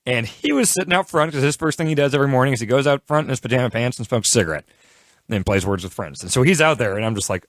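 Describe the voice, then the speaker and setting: A young man tells a story on a podcast with lively, swooping pitch and frequent laughter. His voice is dry and close, with no room sound around it. He talks casually and quickly slips into other people's voices. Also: dry recording. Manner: animated, laughing, quick shifts into quoted voices. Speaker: podcast co-host.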